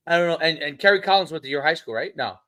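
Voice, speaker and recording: Man talking sports in a rambling way, higher voice. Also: rough recording. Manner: rambling, animated, restarts often. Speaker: podcast co-host. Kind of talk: casual sports chat.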